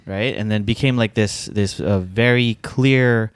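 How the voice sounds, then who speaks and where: A man's voice: on the low side, fairly even intonation, slow, clean tone, no echo, studio quality. A man co-hosting a podcast in casual chat, laughing often as he tells stories. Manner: laughs often, slips into a sing-song accent when quoting himself. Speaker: podcast co-host.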